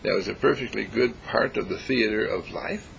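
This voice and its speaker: A man giving a reflective spiritual talk, deliberate and emphatic, repeating phrases to stress them. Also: lowish voice, gravelly, a bit bright, a little hiss or hum, low-quality recording. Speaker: spiritual speaker.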